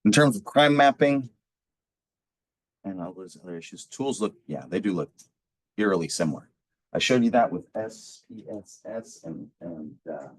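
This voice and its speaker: Deep-voiced man lecturing from a distance. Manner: rambling, casual, many fillers and restarts. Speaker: instructor. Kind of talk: recorded classroom lecture.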